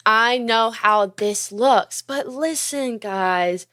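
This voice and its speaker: A young woman hosting a podcast, telling a candid, profane story about a relationship at a fast clip, laughing often. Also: a little high, a bit bright. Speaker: podcast host.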